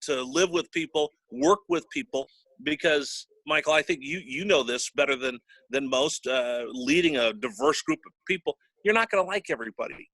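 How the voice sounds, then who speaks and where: A man's voice: a little high, a little fast, a bit bright, no room sound, poor audio. A man, a sports broadcaster, telling personal stories in an interview and getting choked up at times. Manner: emotional, gets choked up. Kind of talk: storytelling interview.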